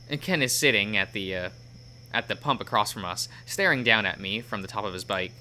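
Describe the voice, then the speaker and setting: A man hosting a let's play, reading a visual novel aloud in a casual, unpolished way, stopping to correct himself now and then. His voice sits on the low side but has a strongly bright, forceful tone. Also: brisk. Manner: casual narration with fillers and self-corrections.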